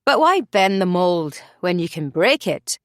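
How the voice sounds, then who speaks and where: A woman voicing a smug, condescending man with a slow, drawn-out delivery. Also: fairly low pitch, sing-song, no room sound, clean studio sound.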